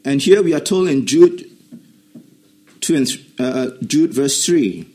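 A man preaching a sermon, explaining Greek words and rising to animated emphasis. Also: mid-range voice, unhurried. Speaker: pastor.

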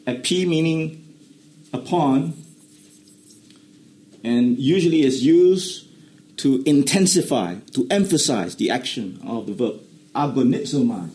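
A man preaching a sermon, explaining Greek words and rising to animated emphasis. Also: medium pitch, measured pace, long pauses. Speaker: pastor.

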